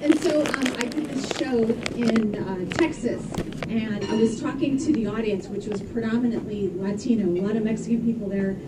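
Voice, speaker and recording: A woman performing a stand-up comedy set in a club, animated and exclaiming, laughing between punchlines. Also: on the high side, normal speed. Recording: echoey room from far off with crowd. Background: audience laughter and room noise.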